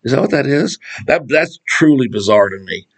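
A middle-aged man talks through scripture in a loose, conversational way. He has a mid-range voice, wanders off on tangents and chuckles at his own asides. His delivery is animated and unscripted. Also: medium pitch, normal speed, husky, poor audio. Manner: animated, digressive, laughs at his own jokes. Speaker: Bible teacher. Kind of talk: casual Bible study talk.

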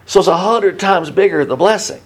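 Man in his fifties, informal halting preacher, shifts from quiet to emphatic. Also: high voice, husky. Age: 50s. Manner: conversational, halting with many restarts, swings between hushed and emphatic. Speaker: pastor. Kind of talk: sermon.

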